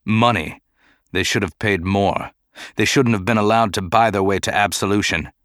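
This is a grieving male senator, bitter and indignant, in a storybook reading, as a man narrator voices him. The voice is low and close to the mic. The sound is dry. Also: normal speed, fairly bright tone, dry recording, close to an everyday voice.

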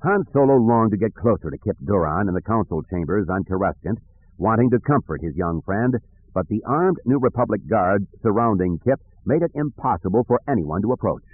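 Reading scripted audiobook narration, a man with a lowish voice tells the story in a calm, even, measured way. The recording carries no room sound and comes across dry and tinny, as if over a phone.

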